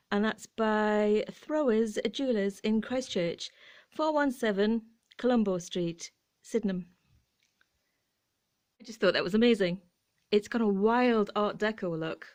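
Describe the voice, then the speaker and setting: Brief: woman, mid-pitched, chatty vlog host with soft whispered asides. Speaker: vlogger showing thrift finds. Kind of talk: casual chat.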